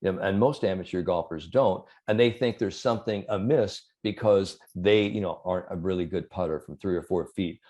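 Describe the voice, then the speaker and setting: Interviewed as a sports psychologist, a deep-voiced man chats in a relaxed, conversational way, telling animated stories and often saying "you know." He talks a little fast with few pauses.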